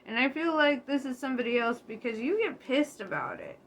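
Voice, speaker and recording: A young woman with a high, sing-song voice reads tarot for her viewers in a brisk, somewhat bright way. She's loose and chatty, laughing often and swearing freely. Faint background noise sits under the recording.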